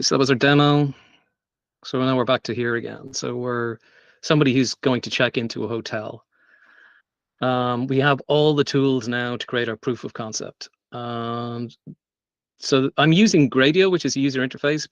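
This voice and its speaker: A man's voice: mid-range voice, moderate pace, no room sound. Guy walking through a live coding demo, lots of ums and restarts, dry muffled audio. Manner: casual, thinking aloud with fillers and restarts. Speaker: meetup presenter. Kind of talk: live tech demo talk. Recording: dry, dull lo-fi sound.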